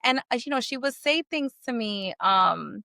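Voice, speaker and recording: A woman's voice: fairly high pitch, animated, normal speed, creaky, pushed and bright, no echo, studio quality. A woman, a podcast guest from a Puerto Rican family, telling stories in casual conversation, mixing in Spanish phrases and many fillers.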